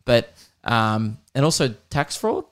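A man's voice: medium pitch, big pitch swings, slow pace, smooth. A young Australian man hosting a podcast, rambling through jokes and swearing freely in casual comedic chat. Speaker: podcast host.

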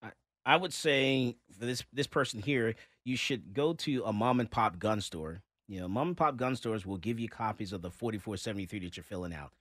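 A man's voice: on the low side, fairly quick, no echo, clean studio sound. A man hosting a talk radio show, talking casually and reading listener letters aloud. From Texas. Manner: animated, mocking when reading a letter aloud.

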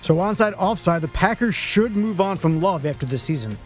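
High-voiced wry radio sidekick man. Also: expressive, fairly quick, soft background music. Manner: wry, teasing, sets up topics. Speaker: radio co-host and producer. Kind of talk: casual sports talk.

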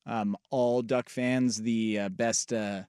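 A man's voice: medium pitch, fairly even intonation, slow, darkish tone, smooth, no room sound. A man co-hosting a sports radio show, talking casually with frequent ums and uhs. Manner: hesitant, lots of ums and uhs.

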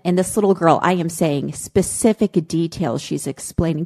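Brief: a woman co-host in casual chat, emotional and impassioned, with a warm, mellow, low voice. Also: fairly even intonation, a little slow, hardly any pauses. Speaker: podcast co-host.

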